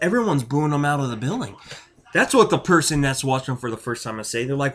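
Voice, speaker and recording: A man's voice: medium pitch, lively intonation, fast talker, a bit bright. A man delivering a heated, rambling vlog rant with emphatic, profane outbursts. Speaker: wrestling vlogger. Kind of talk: ranting vlog.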